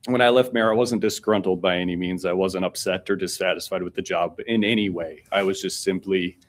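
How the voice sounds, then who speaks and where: Earnest low-voiced man, former city worker, thanking the council at public comment in a council chamber. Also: fairly even intonation, a little fast. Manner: earnest, a little choked up. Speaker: former public works supervisor speaking at public comment.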